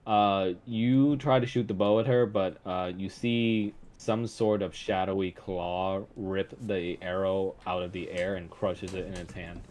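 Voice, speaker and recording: Low-voiced man narrating a tabletop game. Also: steady tone, a little mellow. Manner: halting narration with frequent uh fillers. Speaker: game master.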